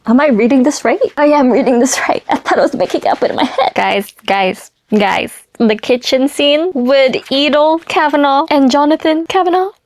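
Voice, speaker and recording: A high-voiced young woman talks straight into a close mic in a dry, deadened space. She gushes and laughs between thoughts as she reacts to what she reads, caught up in her feelings. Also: normal speed, few pauses, dry recording. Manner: emotional, gushing, laughing between lines. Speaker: book vlogger. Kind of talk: casual reading vlog chat.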